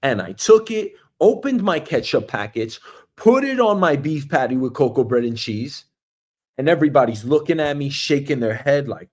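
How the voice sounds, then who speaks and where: A man's voice: fairly high pitch, normal speed. A middle-aged man with a New York accent hosting a casual comedic monologue, acting out the people he quotes. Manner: animated storytelling, acts out quoted voices. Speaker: host.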